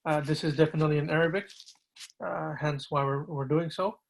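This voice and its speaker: A man, an imam, patiently teaching pronunciation and repeating words slowly to gently correct students. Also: a little high, fairly even intonation, gravelly, slight background noise, rough recording.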